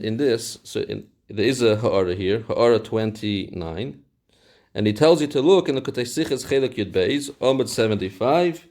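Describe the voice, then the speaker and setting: With a mid-range, darkish voice, a man teaches from a Torah text in Talmudic style. He reads the Hebrew aloud, then explains it in English mixed with Hebrew and Yiddish words, repeating important phrases for emphasis in a lilting, sing-song study rhythm.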